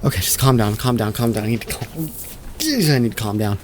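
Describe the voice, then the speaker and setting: A gaming YouTuber doing let's play commentary, exasperated and talking back at the game, lurching between yelling and muttering. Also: mid-range voice, quick pace, a little hiss or hum. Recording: voice with game music playing. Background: game music.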